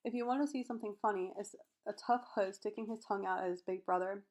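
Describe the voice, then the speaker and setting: A woman's voice: mid-range voice, fairly even intonation, fast, a little mellow. A woman reading a novel chapter aloud, voicing every character in her own voice and sometimes stumbling and restarting a word. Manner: reads all characters in her own voice, occasional slips and restarts. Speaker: audiobook reader.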